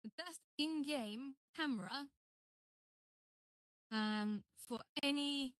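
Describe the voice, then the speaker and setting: A woman speaks slowly in a high-pitched, slightly bright voice with no echo. She's building on a live stream, rambling casually and greeting viewers as she goes.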